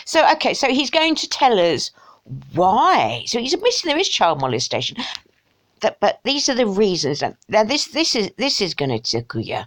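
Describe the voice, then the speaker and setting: A woman's voice: mid-range voice, wildly swooping pitch, normal speed, fairly bright tone. A woman giving an emotional rant commentary in a sarcastic, exasperated way, with muttered asides. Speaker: video blogger.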